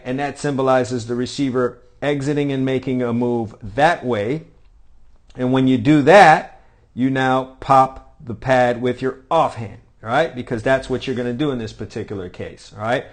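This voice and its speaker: A man coaching defensive backs, talking over video of a drill and repeating short cues with frequent "all right?" checks. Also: medium pitch. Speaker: football coach.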